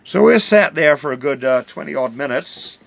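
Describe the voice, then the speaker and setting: Brief: middle-aged New man, rambling stammering storyteller, lively pitch, very dry close recording. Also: moderate pace, vocal fry, no room sound. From New Zealand. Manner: rambling, stammering, full of hesitations. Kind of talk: rambling comic yarn.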